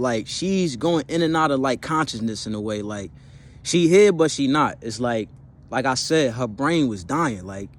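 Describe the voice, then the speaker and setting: A man in his twenties casually telling a personal story, slangy and profane, rambling with fillers and self-corrections. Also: mid-range voice.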